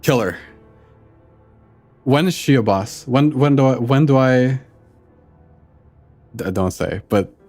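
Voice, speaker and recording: A male streamer reacting to a game, excitable and amped up, swearing and stumbling over his words. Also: mid-range voice, slow, long pauses, soft background music.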